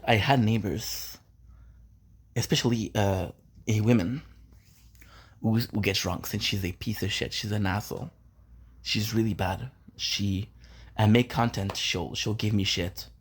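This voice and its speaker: A man's voice: on the low side, steady tone, unhurried, pauses often, slightly rough. An upset man venting about his neighbors in a home vlog, repeating himself and swearing. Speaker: content creator. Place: home balcony.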